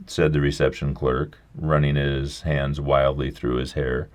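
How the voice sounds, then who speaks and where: A man narrating a short story aloud in a steady, measured storytelling voice. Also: rumbling low.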